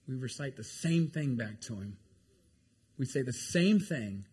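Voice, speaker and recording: A male pastor preaching with emphatic, repetitive delivery, swinging from forceful loud phrases down to hushed ones. His voice sits at an ordinary middle pitch. He keeps checking in with the congregation as he goes. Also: lively intonation, unhurried, breathy edge. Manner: emphatic preaching, repeats lines and asks the congregation if they are hearing him. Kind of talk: sermon.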